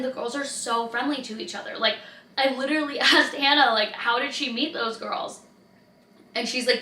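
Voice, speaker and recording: Woman in her twenties, chatty vlogger, higher voice, roomy off-mic sound. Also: far from the mic. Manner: chatty, lots of "like", animated retelling. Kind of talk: casual vlog chat.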